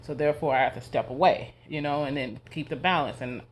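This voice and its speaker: A man speaking in a personal, reflective vlog, earnest and confessional, often halting and restarting his sentences. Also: on the high side, steady tone, slight background noise. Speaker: vlogger.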